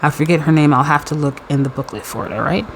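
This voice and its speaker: A woman giving a casual pick-a-card tarot reading, excitable and playful, with slang and free swearing. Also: deep voice, fast, slight background noise, poor audio.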